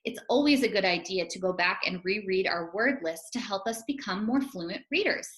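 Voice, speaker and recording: A woman teacher giving a phonics lesson to young children, speaking slowly and encouragingly and sounding out letters one by one. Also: mid-range voice, animated, a bit bright. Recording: roomy echo.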